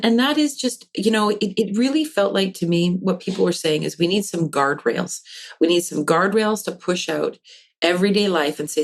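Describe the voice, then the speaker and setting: A woman, a counselor and author, talking in a podcast interview and acting out parents' voices as she explains. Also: lowish voice. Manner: animated, acts out parents' voices in quotes. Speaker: guest, developmental counselor and author.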